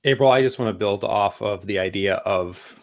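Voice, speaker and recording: A middle-aged man co-hosting a talk show, giving casual advice and speeding up as he gets excited. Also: fairly low pitch, moderate pace. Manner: animated, speeds up when excited. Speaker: podcast co-host.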